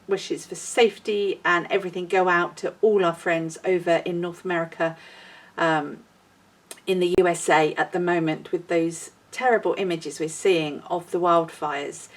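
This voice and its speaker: A knitting podcast host with a lowish, fairly bright voice rambles along in casual, self-deprecating chat. The recording places her a bit far from the mic, and she sounds like she's in a windy garden outdoors.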